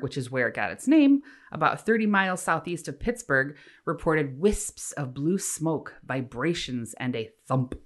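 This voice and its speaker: Low-voiced woman co-hosting a chatty podcast. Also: a bit bright. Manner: chatty, wry asides after reading facts. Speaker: podcast co-host. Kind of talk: casual chat, reading facts aloud.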